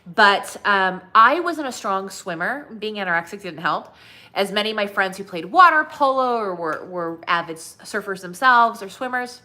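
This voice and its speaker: A woman weight loss coach tells her own story in a loose, chatty way, full of little fillers. Her voice sounds bright and clear, sitting in a middle pitch for a woman. She is from Southern California. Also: lively intonation, normal speed. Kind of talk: personal storytelling.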